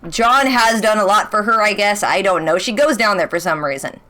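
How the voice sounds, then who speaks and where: A young woman chatting casually as she recaps a TV episode. She is excitable, full of "like" and rhetorical questions. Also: medium pitch, a little fast. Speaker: reaction channel host.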